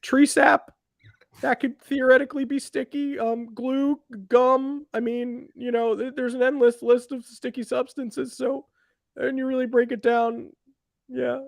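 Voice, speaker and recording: Guy doing a stammery pitcher dodging questions, high voice, dry sound. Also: little pitch movement, gravelly, no room sound, full character voice. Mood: evasive. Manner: halting, evasive, stammering. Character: impression of a flustered star pitcher rambling evasively.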